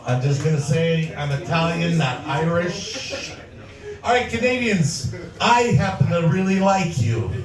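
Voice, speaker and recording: Wry high-voiced man doing stand-up. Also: animated, a little slow, crowd noise. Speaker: stand-up comedian. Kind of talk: stand-up comedy set. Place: comedy club stage. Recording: echoey club sound from far off.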